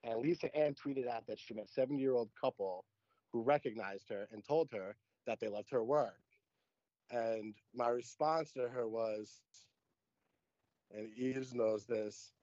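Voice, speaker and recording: Loud-mouthed guy cohosting a sports pod, muffled dry call audio. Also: mid-range voice, a little slow, dry recording. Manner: brash, joking, trash-talking. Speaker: podcast co-host. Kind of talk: casual sports podcast banter.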